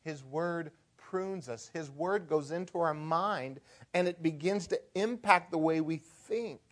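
A man preaching a sermon as pastor, shifting from hushed and conversational to loud and emphatic. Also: a little high, unhurried.

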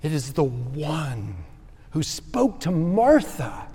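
Pastor guy preaching slow, goes from big ringing lines to hushed soft ones, long echo of a big church hall. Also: fairly high pitch, wildly swooping pitch, breathy edge. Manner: swings from ringing emphasis to hushed tenderness. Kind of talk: sermon. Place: church sanctuary. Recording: long reverb of a large sanctuary.

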